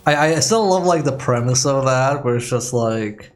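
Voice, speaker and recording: A man's voice: mid-range voice, animated, moderate pace. A man playing a co-op video game, chatting casually, joking, laughing often and swearing offhandedly. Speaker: gamer playing co-op. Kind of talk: casual gaming chat.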